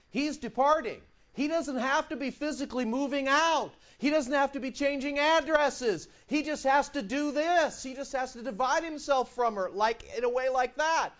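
A man preaching with a high, lively voice that swoops up and down as he plays out the quotes. He drops to near mutters for asides, then jumps up into loud cries. The recording sounds dull and lo-fi. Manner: animated preaching, acting out quotes with sudden loud high bursts. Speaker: pastor. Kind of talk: sermon.

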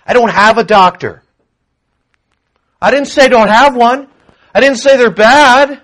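A man preaching a sermon to a congregation, emphatic, swinging between quiet asides and loud proclamation. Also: very high-pitched, unhurried. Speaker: pastor.

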